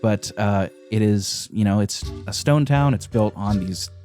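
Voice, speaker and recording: A man's voice: on the low side, unhurried, a little mellow, soft background music. A man hosting a podcast, enthusiastically recapping a video game in casual, profane chat, often laughing. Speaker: podcast host.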